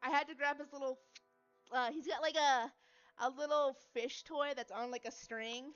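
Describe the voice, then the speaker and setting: A woman's voice: sits high, fairly even intonation, moderate pace, a bit bright, highs cut off, soft background music. A young woman streamer reading a story game aloud and chatting casually, slipping into baby talk with her cat. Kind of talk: game playthrough with reading and chat.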